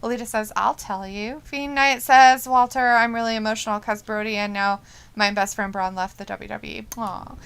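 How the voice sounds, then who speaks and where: A woman's voice: medium pitch, fairly even intonation, vocal fry, a bit bright, clean tone. A woman co-hosting a live watch-along show, chatting casually, laughing often and reading out viewer comments. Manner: giggly, reads chat messages in quick bursts.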